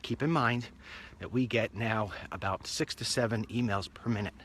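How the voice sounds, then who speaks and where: There's a little hiss or hum behind a man whose lowish voice has a slightly bright tone and a moderate pace. As he walks along an outdoor street, he chats in a rambling, cheerful way for his own online show's casual walk-and-talk.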